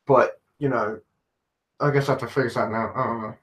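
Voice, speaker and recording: A man's voice: mid-range voice, fairly even intonation, quick pace, highs cut off. A man with a London accent chatting casually on a live stream, answering viewers and rambling, with lots of restarts and self-deprecating asides. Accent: London English. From London, England. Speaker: livestreamer answering chat.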